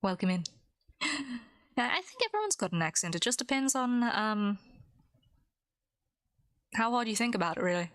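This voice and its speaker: A woman's voice: fairly high pitch, big pitch swings, normal speed, long pauses, a bit bright, dry recording, studio quality. Chatty woman narrating her digital drawing. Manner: thinks aloud, chatty, reads and answers chat. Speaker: streamer. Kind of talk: casual narration while drawing.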